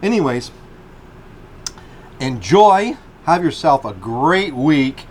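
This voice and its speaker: A man's voice: on the high side, very animated, slow, a little mellow, a little hiss or hum. A man co-hosting a home cooking vlog, upbeat and enthusiastic as he talks about the food. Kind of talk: casual cooking chat.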